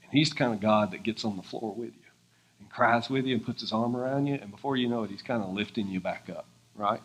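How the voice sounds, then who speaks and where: A man pastoring a church service and interviewing guests on stage, excitable and laughing, swinging between loud bursts and hushed asides. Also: lowish voice, fast talker. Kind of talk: sermon-style interview on stage.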